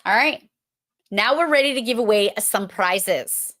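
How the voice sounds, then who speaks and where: Slow-talking woman hosting a livestream. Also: medium pitch, lively intonation, a bit bright. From Massachusetts. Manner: playful, teasing, talks to the chat. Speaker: livestream host. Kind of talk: casual livestream chat.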